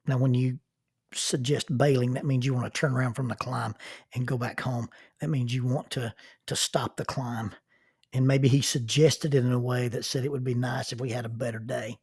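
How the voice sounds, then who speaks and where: Husky-voiced man hosting a reflective podcast. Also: medium pitch, steady tone, moderate pace, no echo, studio quality. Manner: earnest, drops to soft near-whispers for emphasis. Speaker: podcast host and minister.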